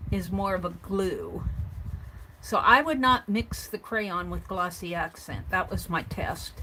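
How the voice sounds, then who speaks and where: A woman casually demonstrating a mixed-media art experiment, thinking aloud as she works at a craft table. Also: fairly low pitch. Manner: thinks aloud while working, chatty and tentative. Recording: audible background noise with clicks.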